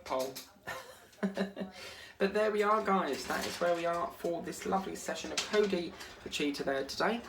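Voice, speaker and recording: A man's voice: high-pitched, brisk, vocal fry, few pauses, noisy background. A man, chatting casually as a crafting vlogger while he works, rambling and easily sidetracked.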